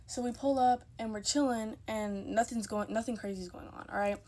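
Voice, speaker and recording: A woman's voice: a little high, fairly even intonation, brisk, darkish tone. Chatty young woman telling a storytime. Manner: chatty, emphatic, quotes people in her story. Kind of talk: casual storytime monologue.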